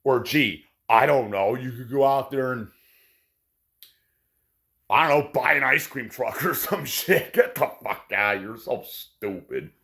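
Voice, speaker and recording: A man's voice: mid-range voice, measured pace, gravelly, pushed and bright. A man delivering a profane, sarcastic ranting monologue to his viewers. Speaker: vlogger.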